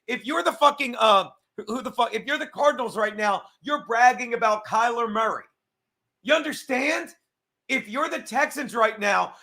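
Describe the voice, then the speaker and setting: A man with a high, bright voice rants profanely about a football coach. His delivery is crude, mocking and animated. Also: gravelly. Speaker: show host. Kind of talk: profane sports rant.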